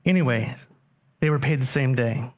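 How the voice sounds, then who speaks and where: A man preaching a sermon, animated and often putting questions to the congregation. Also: mid-range voice, normal speed. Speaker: pastor.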